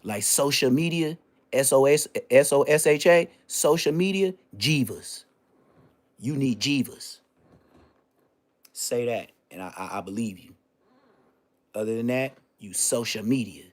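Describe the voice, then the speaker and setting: A man hosting his own live stream, telling a story in a loose, profane way and jumping into high-pitched exclamations. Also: expressive, moderate pace, a little mellow. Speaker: livestream host.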